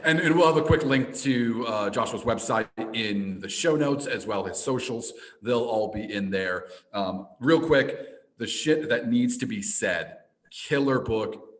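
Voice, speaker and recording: A man's voice: mid-range voice, unhurried, reverberant. A man hosting a podcast, upbeat and friendly as he wraps up an interview. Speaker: podcast host. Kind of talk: casual interview chat.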